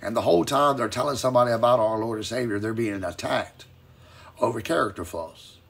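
A man preaching in a live-streamed Bible teaching. He is fiery and emphatic, swinging between loud and quiet, and reads scripture slowly and deliberately. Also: medium pitch, gravelly.

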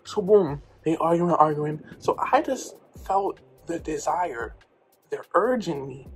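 A young man from New York telling a comedic storytime in slangy, animated speech with loud outbursts. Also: on the high side, slow pace, soft background music. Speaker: vlogger.

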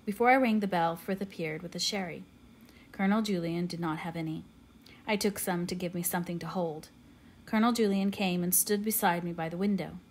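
A woman narrating an audiobook in a measured, quiet, steady way. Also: on the low side, slight background noise. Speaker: audiobook reader.

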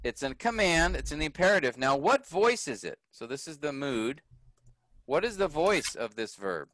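A man's voice: fairly high pitch, very animated, normal speed, a bit bright, poor audio. A man teaching a class, explaining grammar patiently and often checking whether his students follow.

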